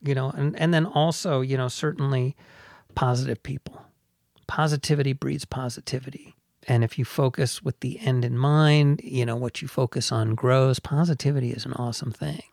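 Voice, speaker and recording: Gravelly-voiced man podcast co-host. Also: medium pitch, fairly even intonation, normal speed, a little mellow, no echo, clean studio sound. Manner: reflective, meandering, trails off. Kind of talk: casual podcast chat.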